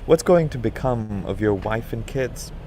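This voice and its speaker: A man's voice: lowish voice, expressive, unhurried, mellow, a little hiss or hum. A man doing a stern, coaxing drama director. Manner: coaxing, prompting lines.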